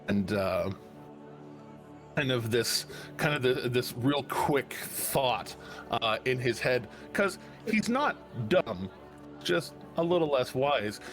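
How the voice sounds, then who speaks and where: A man narrating as game master of a tabletop game, rambling with lots of restarts and fillers. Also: mid-range voice. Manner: rambling, full of uh and restarts, chuckling.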